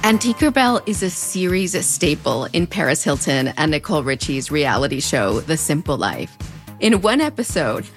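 A woman's voice: low voice, sing-song, moderate pace, soft background music. A woman in her thirties with a Mexican border accent, narrating a scripted commentary in a wry, conversational way with playful asides. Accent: Mexican border English. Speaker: video essay host.

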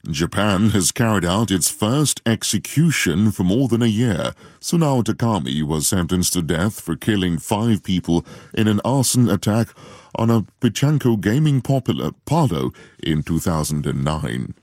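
A man reading a radio world news bulletin in a measured, formal delivery. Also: on the low side, lively intonation, a little mellow, dry recording, clean studio sound. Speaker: newsreader.

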